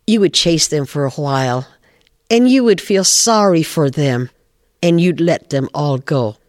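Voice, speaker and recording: A man's voice: on the high side, expressive, measured pace, no echo, studio quality. A man voicing a wise old female owl who leads the animals' meeting and firmly turns down volunteers. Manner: firm and decisive.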